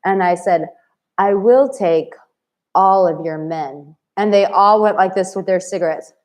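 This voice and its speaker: A woman in her thirties telling a dating story straight to camera in a blunt, lively way. She coaches men on dating and talks casually, slipping into the voices of the people she quotes. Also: mid-range voice, a little slow.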